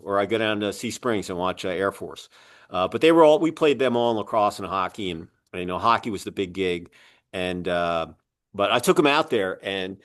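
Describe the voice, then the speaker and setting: A middle-aged American man telling long coaching stories in a casual interview, full of fillers and restarts. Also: lowish voice. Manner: rambling, many fillers and restarts, lively quoting of others. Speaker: guest, coach.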